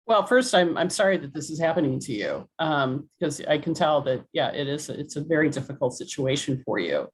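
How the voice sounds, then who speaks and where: A woman presenter answers a participant's question in a webinar over a video call. She speaks in a measured, sympathetic way with soft fillers. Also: low voice, lively intonation, slightly rough. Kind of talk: responding in a webinar discussion.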